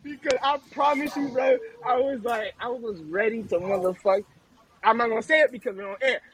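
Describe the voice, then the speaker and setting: A man co-hosting a podcast, telling a story in a loud, animated, profane way during a casual group chat. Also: very high-pitched, a little fast, slight background noise, poor audio. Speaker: podcast co-host.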